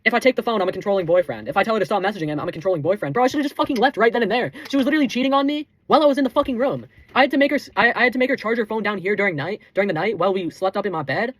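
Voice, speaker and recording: A man's voice: high-pitched, lively intonation, rapid-fire, hardly any pauses. A teenage boy telling a heated storytime rant, swearing constantly and calling the listener bro and dude. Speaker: vlogger.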